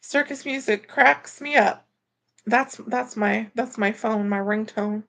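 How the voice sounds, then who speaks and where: A woman's voice: on the high side, slow pace, vocal fry, fairly bright tone. A woman livestreaming casually, chatting about her delivery driving work and reading viewer comments aloud as she goes. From Florida.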